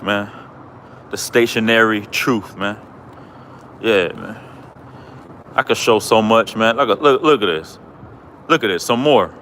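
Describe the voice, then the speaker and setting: Male livestream host, low voice, repetitive mocking rant, outdoors with faint traffic. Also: sharp tone. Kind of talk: ranting livestream monologue.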